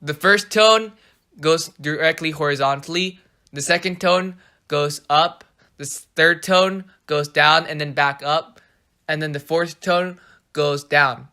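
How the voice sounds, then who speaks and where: Narrator for a language lesson, bright tone, steady explanatory read, voice-over. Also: mid-range voice, a little slow. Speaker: teacher. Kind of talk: scripted narration.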